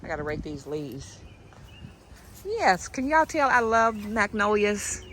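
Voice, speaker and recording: A woman, vlogging casually outdoors in her yard and chatting to her viewers, often dropping to a soft hush. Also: medium pitch, big pitch swings, slow, a little hiss or hum, low-quality recording. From United States. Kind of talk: casual chat to camera.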